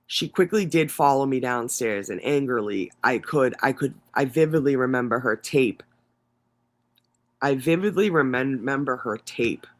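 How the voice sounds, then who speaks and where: A livestream co-host with a medium-pitched, slightly bright voice reads trial testimony aloud. He keeps interrupting with mocking, profane asides.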